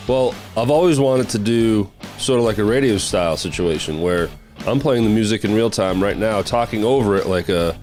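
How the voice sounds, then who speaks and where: A man's voice: fairly low pitch, animated, normal speed, a little mellow, faint music behind. A man in his thirties hosting his own podcast, chatty and self-deprecating, often laughing at himself. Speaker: podcast host. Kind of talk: casual solo podcast talk.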